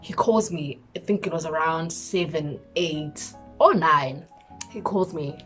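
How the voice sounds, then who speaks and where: A young South African woman vlogger telling a personal story in an expressive voice, mixing in isiZulu words. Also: low-pitched, measured pace, faint music behind. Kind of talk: storytime vlog.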